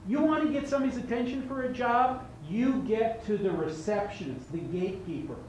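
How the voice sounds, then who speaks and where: Animated man speaking in an echoey hall. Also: very high voice, a little fast. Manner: animated storyteller acting out dialogue with humor. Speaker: motivational speaker. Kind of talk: live seminar talk to an audience. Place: large event room. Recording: echoey hall from far off with faint noise.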